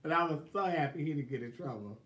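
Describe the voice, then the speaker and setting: Sassy vlogger man, slightly raised pitch, chatty and animated. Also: fast talker. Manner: sassy, animated, laughs often, quotes people in exaggerated voices. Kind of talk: casual storytelling chat.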